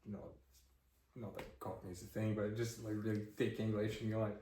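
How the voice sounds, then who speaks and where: A man's voice: lowish voice, little pitch movement, moderate pace, mellow. Jokey Tasmanian man telling stories. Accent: Tasmanian Australian. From Tasmania, Australia. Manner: jokey storyteller, acts out voices. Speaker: podcast co-host. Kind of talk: casual chat. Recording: roomy echoey room.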